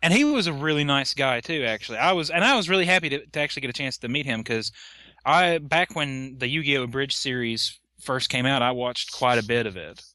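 A man rambling in casual podcast chat, halting and restarting as he recalls a convention. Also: mid-range voice, lively intonation, sharp tone, no room sound, clean studio sound.

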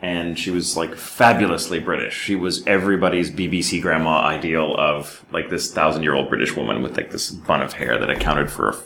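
A man from Texas, a voice actor, telling animated stories at a convention panel and slipping into British voices. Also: a bass voice, brisk, gravelly, few pauses, echoey room, slight background noise. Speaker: voice actor guest.

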